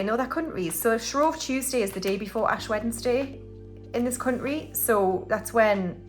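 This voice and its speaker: A woman's voice: fairly high pitch, normal speed, soft background music. A woman from the UK hosting a casual budgeting vlog, chatting and counting banknotes aloud while laughing at her own slips. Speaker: budgeting channel host. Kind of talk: casual cash-stuffing vlog.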